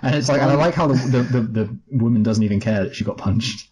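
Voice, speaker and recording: A man's voice: medium pitch, fast, darkish tone, slightly rough. A man co-hosting a podcast, chatting casually about a film in a rambling, wry way with many restarts. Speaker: podcast co-host. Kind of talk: casual film review chat.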